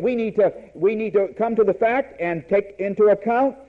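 A man's voice: high voice, moderate pace, phone-quality sound. A man preaching a sermon, emphatic and repeating key words for stress.

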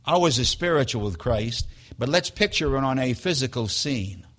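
A male pastor preaching a dramatic sermon in a church sanctuary, swinging from hushed to loud as he tells a story. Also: medium pitch, animated, normal speed.

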